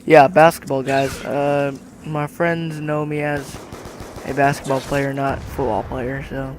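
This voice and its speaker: A man's voice: medium pitch, level tone, a little slow, noisy background. A male speaker casually telling a story about starting a sport, with joking, offhand asides.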